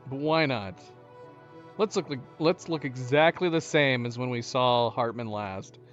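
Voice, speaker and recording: A man's voice: mid-range voice, a little slow, a bit bright, muffled recording, soft background music. A man hosting a let's-play, casually thinking aloud and joking at the game characters. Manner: thinking aloud, chatty and wry. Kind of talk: casual gameplay commentary.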